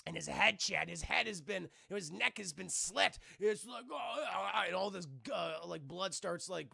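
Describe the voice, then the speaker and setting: A man giving an animated, profane scene-by-scene film recap to his stream chat, acting out the characters' lines. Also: high-pitched, normal speed, gravelly, slightly rough, no echo, clean studio sound.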